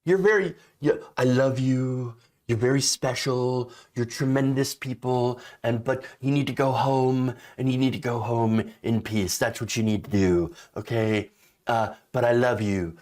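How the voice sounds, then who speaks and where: A man's voice: mid-range voice, a little slow, voice pushed down, close to an everyday voice. A man doing a mocking impression of a boastful older male politician who rambles and repeats himself. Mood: smug. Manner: repetitive, flattering, drawling.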